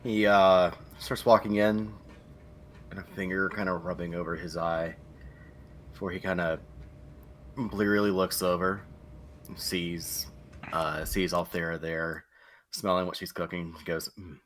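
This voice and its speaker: Male player, deep voice, drowsy narration. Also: flat delivery, measured pace, long pauses, fairly bright tone, a little hiss or hum. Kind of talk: tabletop role-play narration.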